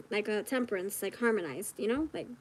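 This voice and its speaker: A woman giving a casual tarot reading straight to the viewer, chatty and giggly, thinking out loud as she goes. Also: mid-range voice, lively intonation, normal speed, husky, rough recording. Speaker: tarot reader.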